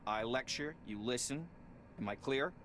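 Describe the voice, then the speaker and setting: An actor playing a stern, precise scientist instructor who speaks in a cold, clipped, authoritative way. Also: male voice, medium pitch, moderate pace, fairly bright tone, slight background noise, close to an everyday voice.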